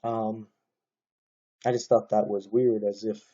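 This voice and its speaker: A man's voice: lowish voice, flat delivery, takes it slowly, mellow, highs cut off. A man talking casually into his own camera, commenting on another preacher's video in a rambling monologue full of fillers and restarts.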